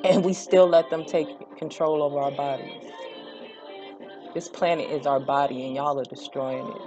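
A woman's voice: deep voice, fairly even intonation, normal speed, music in the background. Fired-up woman ranting with blunt profanity. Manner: blunt, profane, rising to heated outbursts. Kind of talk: impassioned direct-to-camera rant.

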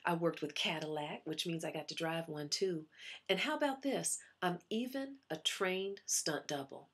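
A woman with a Southern accent performing a chatty, animated audition monologue to her diary. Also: on the low side, normal speed, husky. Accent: put-on Southern US. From US Midwest. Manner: chatty, animated, self-promoting. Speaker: actress auditioning.

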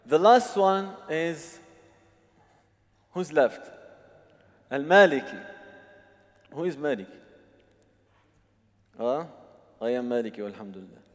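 A man teaching a religious seminar, explaining step by step and often checking that the audience follows. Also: fairly high pitch. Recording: long hall reverb.

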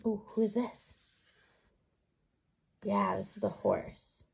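A woman teacher reading a picture book aloud to young students, animated, asking questions and sounding words out. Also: mid-range voice, slow pace, creaky, husky.

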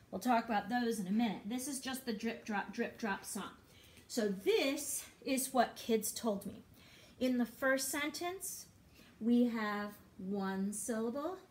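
A woman with a fairly high voice teaches small children music over the internet, with a little hiss or hum in the background. Encouraging and patient, she often sings and chants syllables.

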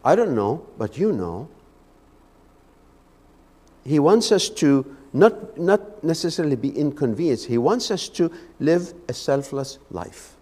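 Give me a fervent male lay preacher with a lively, swooping delivery, recorded in a reverberant sanctuary. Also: on the high side, a little slow. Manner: fervent, stumbling on repeated words. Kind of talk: sermon. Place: church sanctuary. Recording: echoey church hall.

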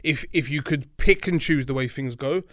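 A man's voice: on the high side, normal speed, a bit bright, no room sound. Thoughtful young man, dry close sound. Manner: thoughtful, talks in long winding turns with restarts. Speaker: podcast co-host or guest. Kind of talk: casual chat.

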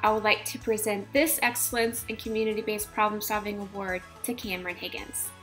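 A woman teacher presenting class awards in a steady, orderly, warmly formal way. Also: mid-range voice, a little fast, faint music behind.

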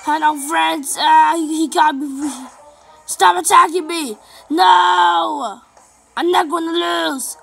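A woman giving excitable let's play commentary over a game, chanting and repeating little phrases as she plays. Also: high voice, vocal fry. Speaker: gameplay commentator.

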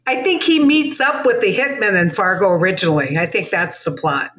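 Bright-voiced North Dakota woman. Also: medium pitch, a little fast. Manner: chatty, easy laughter. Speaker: guest. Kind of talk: casual chat.

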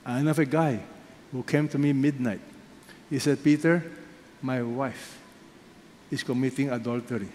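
A man with a Filipino accent preaching a sermon as pastor, firing rhetorical questions and swinging between loud emphasis and hushed asides. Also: medium pitch. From Philippines. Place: large church hall. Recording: echoey hall, faint background noise.

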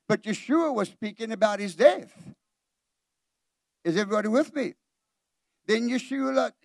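A man's voice: high-pitched, vocal fry, darkish tone, no room sound, clean studio sound. A middle-aged man preaching a sermon in a church. He preaches with animation, puts questions straight to the congregation and acts out the voices he quotes. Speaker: pastor.

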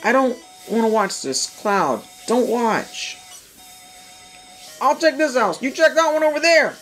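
A man voicing an anxious, earnest young woman fighter from a video game in a strained falsetto. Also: expressive, unhurried, fairly bright tone, soft background music, heavily acted. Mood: pleading.

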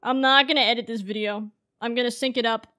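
A young woman in her early twenties speaks to her future self in a casual home vlog, her voice sitting a little high. She rambles through her thoughts, laughing often and saying "like" a lot. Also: fairly even intonation, fast, sharp tone. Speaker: streamer and content creator.

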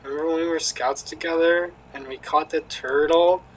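A man's voice: on the high side, fairly even intonation, moderate pace, close to an everyday voice, rough recording. A man reading as an awkward young cat woman. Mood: apologetic. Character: awkward aimless young adult female cat. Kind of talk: reading game dialogue aloud.

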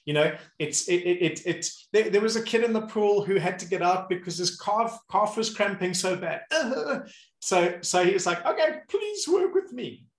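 A man hosting a casual conversation as a movement coach, telling animated stories and acting out the people he describes. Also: sits high, normal speed. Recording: roomy echo.

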